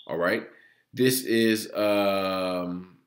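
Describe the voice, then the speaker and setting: In a room full of echo, a man with a low voice talks extremely slowly. He's a religious teacher preaching and teaching from scripture, tucking "all right" into nearly every phrase and frequently stammering and starting over.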